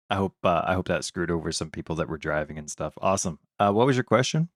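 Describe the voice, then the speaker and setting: Playful male podcast co-host, very animated intonation, dry close sound. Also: deep voice, fast talker, few pauses, no echo. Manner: goofy, playful teasing. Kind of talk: casual podcast chat.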